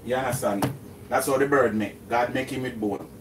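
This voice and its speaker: A man's voice: medium pitch, moderate pace, recorded from a distance. A Jamaican man co-hosting a home cooking livestream, joking, teasing and humming fanfares. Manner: jokey, sings fanfare sounds, teasing. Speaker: co-host. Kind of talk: casual livestream chat. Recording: noisy home recording.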